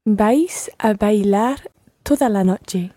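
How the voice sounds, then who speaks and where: A woman learning a language, giving careful, deliberate answers to quiz questions. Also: mid-range voice, dark tone, dry recording.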